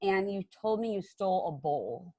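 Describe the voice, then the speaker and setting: A woman's voice: mid-range voice, moderate pace, no room sound. Chatty woman, dry close sound. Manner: chatty, animated storytelling. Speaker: podcast host and sponsor. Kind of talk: casual recovery podcast chat.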